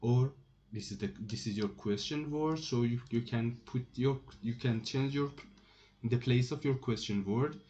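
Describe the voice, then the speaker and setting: Slow, mellow-voiced man teaching French. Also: medium pitch. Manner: slow and repetitive, restarting phrases often. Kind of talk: slow explanatory lesson. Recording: dull lo-fi recording with keyboard typing.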